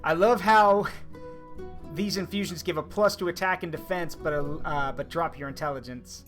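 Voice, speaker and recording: A man's voice: a little high, moderate pace, fairly bright tone. A man streaming a video game, chatting in a rambling, casual way with lots of asides. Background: guitar music.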